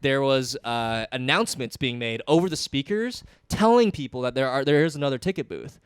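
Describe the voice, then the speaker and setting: A young man co-hosts a casual podcast, retelling a trip with animated energy and acting out what people said. His voice is smooth and resonant. The sound is close and dry, with no room around it. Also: mid-range voice, fairly quick, no room sound. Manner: animated retelling, acts out quotes, swears freely. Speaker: podcast co-host. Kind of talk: casual storytelling chat.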